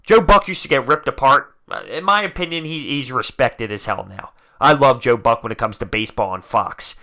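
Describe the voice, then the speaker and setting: A man ranting as host of a fan reaction video, frustrated, dropping into low grumbles and then breaking into loud outbursts. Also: a little fast. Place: indoors, talking to camera.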